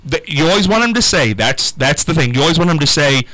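A man hosting a local morning radio show in a studio, chatting casually with co-hosts and callers, animated and self-deprecating with many restarts. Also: fairly high pitch, quick pace, low-quality recording. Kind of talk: casual on-air banter and call-in. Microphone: studio microphone.

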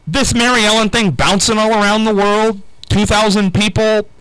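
A man hosting a local morning radio show in a studio, chatting casually with co-hosts and callers, animated and self-deprecating with many restarts. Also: high-pitched, normal speed, clear, resonant tone, dry recording, rough recording. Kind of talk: casual on-air banter and call-in. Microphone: studio microphone.

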